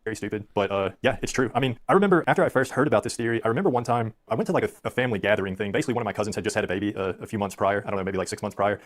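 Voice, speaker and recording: A man's voice: lowish voice, very fast, few pauses. A man in his thirties telling rambling, self-deprecating stories about his own life in a casual way. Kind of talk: storytelling on a stream.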